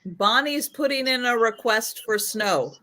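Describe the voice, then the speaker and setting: A woman's voice: a little high, expressive, unhurried, sharp tone. A woman hosting a live vintage sale, chatting casually and rambling with restarts. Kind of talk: casual live-stream chat.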